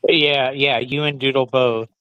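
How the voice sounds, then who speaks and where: A man telling a quick blunt story in casual chat as a call-in guest. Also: mid-range voice, fairly even intonation, pushed and bright, clean tone, dry recording, lo-fi sound.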